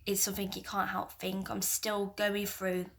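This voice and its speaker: A young woman in her twenties, a mother talking candidly to camera, soft-spoken and halting with many restarts, close to tears at times. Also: mid-range voice, completely flat delivery, gravelly. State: emotional, near tears at times. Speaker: mother and vlogger. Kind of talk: candid personal talk to camera.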